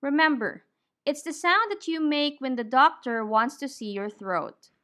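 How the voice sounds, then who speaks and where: A woman teaching English pronunciation, modeling words slowly and clearly for learners to repeat. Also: sits high, fairly bright tone. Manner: slow, clear, drawn-out word modeling.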